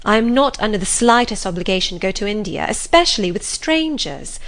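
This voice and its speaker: A woman's voice: medium pitch, lively intonation, a little fast, fairly bright tone. A woman voicing an earnest young heroine. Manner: earnest, pleading yet firm. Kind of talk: audiobook reading.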